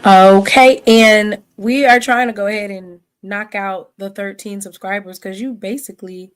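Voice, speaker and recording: A woman's voice: medium pitch, steady tone, moderate pace, smooth. A woman hosting a casual sports livestream, reading off player stats with plenty of fillers and a rambling, friendly manner. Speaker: podcast host.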